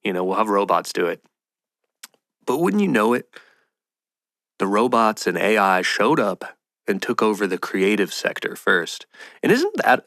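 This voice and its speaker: Gravelly guy rambling on his podcast, playful, goofy mock voices, dry close sound. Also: lowish voice, fairly bright tone, no room sound. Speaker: podcast host. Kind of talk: casual monologue.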